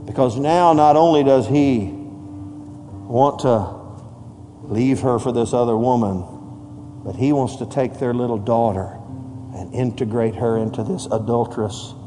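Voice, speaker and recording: A man pastor telling a story in a sermon, swinging from hushed to shouting with dramatic force. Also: mid-range voice, a little slow, long pauses, a little hiss or hum. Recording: long hall reverb, faint music behind.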